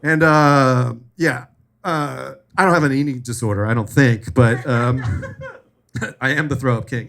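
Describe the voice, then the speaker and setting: A man's voice: on the high side, animated, moderate pace, fairly bright tone. Loose, joking male comedy host. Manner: loose, joking, swearing, laughing at own stories. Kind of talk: live comedy show hosting. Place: live venue with audience.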